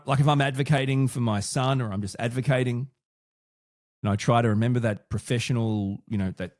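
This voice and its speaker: A man hosting his own podcast, talking casually and thinking aloud with frequent restarts and asides. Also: medium pitch. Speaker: podcast host. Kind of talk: casual solo podcast talk.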